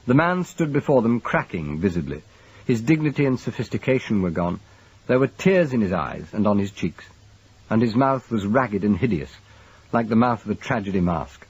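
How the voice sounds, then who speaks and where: A man narrating a detective novel as an audiobook, measured and expressive. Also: lowish voice, slightly rough, dry recording, muffled recording.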